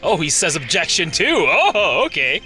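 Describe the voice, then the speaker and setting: A man giving casual, chatty gameplay commentary, animated and quick to laugh. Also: on the high side, soft background music. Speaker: game video host.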